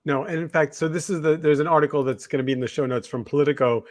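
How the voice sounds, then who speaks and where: A man's voice: on the high side, fast talker, dry recording. A man co-hosting a podcast, telling reflective, rambling stories with many fillers. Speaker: podcast co-host. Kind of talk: casual discussion.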